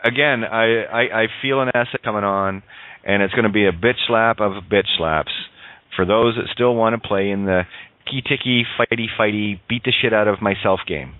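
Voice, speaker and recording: A man in casual spiritual chat on a radio show, animated and joking, with frequent swearing. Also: on the low side, normal speed, no echo. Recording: dry tinny phone line.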